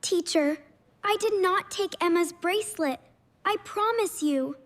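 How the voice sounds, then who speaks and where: A woman voicing a young schoolgirl falsely accused, speaking slowly and tearfully in a storybook for learners. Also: extremely high pitch. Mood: sad. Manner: slow, pleading, tearful. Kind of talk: slow storybook dialogue for learners.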